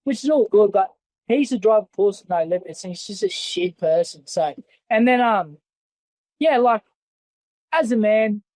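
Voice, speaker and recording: A man's voice: high-pitched, expressive, moderate pace, pauses often, a little mellow, dry recording, poor audio. Aussie bloke swearing his way thru a story, blunt and rambly, dead dry sound. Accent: Australian. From Australia. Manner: blunt, heavily profane, rambling. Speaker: interview guest, former fighter. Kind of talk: casual interview storytelling.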